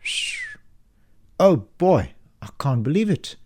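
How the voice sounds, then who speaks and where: Guy putting on a skeptical bank officer voice, pitched way up, all dramatic disbelief. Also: huge pitch swings, slow pace, breathy edge, exaggerated voice. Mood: incredulous. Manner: exclamatory, theatrical disbelief.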